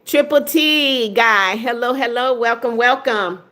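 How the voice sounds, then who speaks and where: A woman in her seventies with a voice pitched a little high hosts a casual livestream. She reads viewers' comments aloud one after another and gives each a short, easygoing reply. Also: a little slow, pushed and bright. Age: 70s. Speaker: livestream host. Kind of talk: casual live-stream chat.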